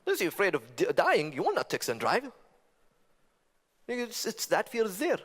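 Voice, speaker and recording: A man giving a stage talk with stand-up humor, talking conversationally, asking the audience rhetorical questions and making animated asides. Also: high-pitched, moderate pace. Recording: long reverb of a large hall.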